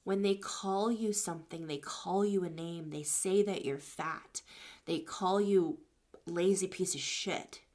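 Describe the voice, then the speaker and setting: A woman's voice: medium pitch, a little mellow. A woman life coach talking casually on a live stream, thanking viewers between stories and advice.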